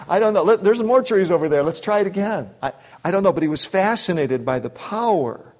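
A man's voice: high voice, expressive, brisk, darkish tone. Conversational man preaching a sermon. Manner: conversational with asides and quoted voices. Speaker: pastor. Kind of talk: expository sermon.

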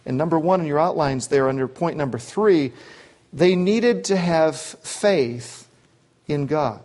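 A man delivers a sermon from an outline, working through points in a conversational, unscripted way. His voice sits somewhat high for a man. He breaks off into asides and acts out short quotes. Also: animated, a little slow, darkish tone. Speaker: pastor. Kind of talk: expository sermon.

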